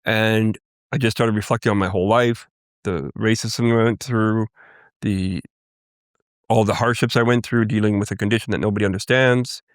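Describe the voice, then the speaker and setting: A man from Canada, a Cree guest, earnestly recounting his life in a halting interview testimony. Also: on the low side, fairly even intonation, no echo, studio quality. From Canada, First Nations Cree. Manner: earnest, halting storytelling with restarts.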